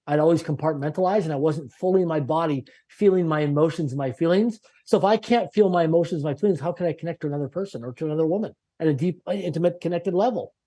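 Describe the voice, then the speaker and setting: A middle-aged man from Canada, a guest on an interview show, telling his story in an energetic motivational way with emphatic, punchy lists and acted-out dialogue. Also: fairly high pitch, fast talker, hardly any pauses.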